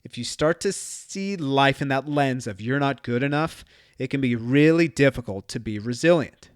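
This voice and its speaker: A man's voice: medium pitch, clean tone, dry recording. Dry-voiced man telling a parenting story. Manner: conversational storytelling with quoted dialogue. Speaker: podcast host. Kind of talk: solo podcast talk.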